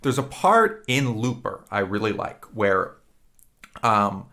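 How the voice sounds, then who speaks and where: Podcast co-host, male, low gravelly voice, rambling and profane. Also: sing-song, pushed and bright. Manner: rambling, profane, retells scenes with quick impressions. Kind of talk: casual podcast chat.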